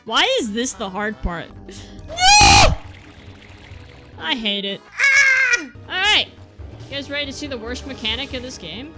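A young woman commentating a platform game as a let's play host, exasperated and breaking into shouty outbursts, over game music. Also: a little high, moderate pace. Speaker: gaming channel host.

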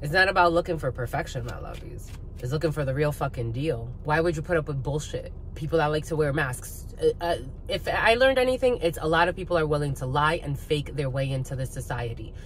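A woman with a fairly low voice gives a tarot reading, blunt and heavy on swearing. She rants at her viewers and calls them "my lovies." Faint noise sits behind her. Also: lively intonation, a little fast. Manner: blunt, profane, rants with laughs. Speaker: spiritual reader.

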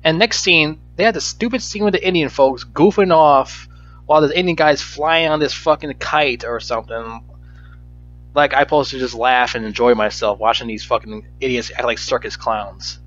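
A man's voice: medium pitch, normal speed, fairly bright tone. A man giving a profane, exasperated movie review rant, full of stammered restarts. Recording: dull lo-fi recording with faint music.

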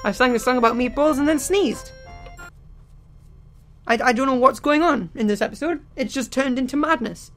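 A woman with a slightly high voice talks through a game she is playing, excitable and quick to shout and laugh at what happens on screen. She speaks close into a desk microphone at her computer. Faint game music plays underneath her voice. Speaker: let's play host. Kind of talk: gameplay commentary.

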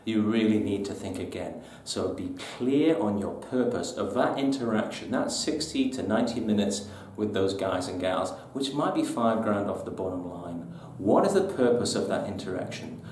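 A man's voice: fairly low pitch, animated, moderate pace, a little mellow, a little hiss or hum. Emphatic man presenting tips, roomy sound. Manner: emphatic, punchy, colloquial. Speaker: business trainer. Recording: echoey room, mic at a distance.

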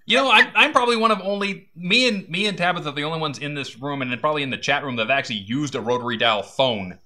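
A man's voice: on the high side, very fast, pushed and bright. A middle-aged man hosting a casual chat, who makes wry, joking asides. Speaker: podcast host.

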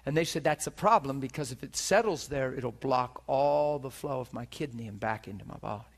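Animated middle-aged man preaching a story. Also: medium pitch, brisk, creaky. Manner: animated storytelling, acts out voices, laughs often. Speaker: preacher teaching on healing. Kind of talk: sermon storytelling. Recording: live teaching session, room mic.

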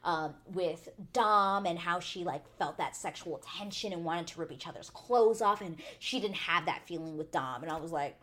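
A TV recap vlogger, a chatty woman with a somewhat low-pitched voice, recaps a reality show with loud opinions. She talks casually at normal speed with few pauses and plenty of fillers, her voice jumping to high exclamations when she gets indignant.

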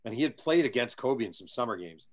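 A man's voice: medium pitch, lively intonation, fast talker. A man being interviewed as an author, telling a long anecdote with energy and acting out the people in it. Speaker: guest author. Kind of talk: storytelling interview answer.

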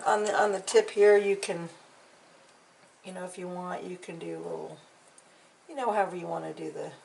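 Casual tutorial host, woman, raspy fry in her voice, rambling and encouraging, recorded from a distance. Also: medium pitch, darkish tone. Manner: chatty, encouraging, trails off and repeats words. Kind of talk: casual real-time coloring tutorial.

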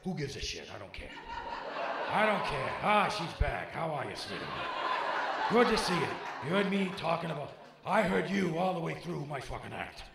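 A man doing a gravelly, brash stand-up in an Al Pacino impression. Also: fairly high pitch, very animated, normal speed. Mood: combative. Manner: gravelly, barking at hecklers, swinging from mutters to shouts. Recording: echoey live club with crowd noise.

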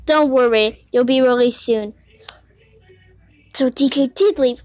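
A gamer in a Roblox game, this woman talks to herself in a slightly high voice as she provides casual let's-play commentary on the online game. She's giggly, excitable and easily frustrated, and a bit of hiss or hum sits under the audio.

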